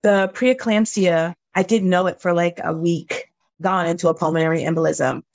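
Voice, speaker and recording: A middle-aged woman, a podcast guest, telling a painful personal story in an earnest, heartfelt way, halting at the hardest moments. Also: fairly low pitch, steady tone, creaky, no room sound.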